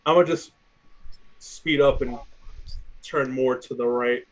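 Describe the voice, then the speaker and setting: A man's voice: medium pitch, slow, pauses often, rough recording. A man playing a tabletop game, chatting casually with loose, laughing asides. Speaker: player.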